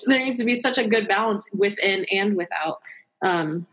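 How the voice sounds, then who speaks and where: Breathy woman hosting a podcast. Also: medium pitch, moderate pace, a bit bright, rough recording. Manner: affirming, murmurs agreement, laughs easily. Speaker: podcast host. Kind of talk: casual conversation.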